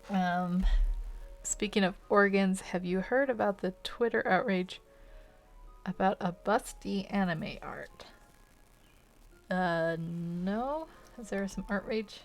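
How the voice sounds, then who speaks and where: Giggly, tired woman with a gravelly voice. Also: medium pitch, slow pace, pauses often, soft background music. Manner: giggly, loopy, rambling. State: tired, sleep-deprived. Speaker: art channel host. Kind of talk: casual drawing commentary.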